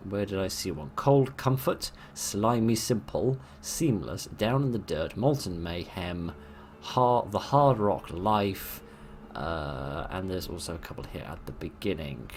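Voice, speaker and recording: A man giving casual, rambling gameplay commentary, self-deprecating and chatty. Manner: lively, quick changes of pitch and loudness. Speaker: let's play host.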